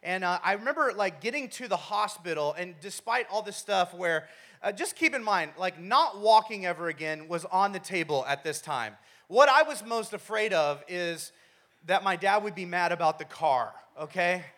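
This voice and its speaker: A man's voice: lively intonation, normal speed, a bit bright. A young man giving a sermon to a congregation, telling a personal story in a casual, joking way and acting out voices. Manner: casual storytelling, acts out his younger self in a high whiny voice. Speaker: preacher.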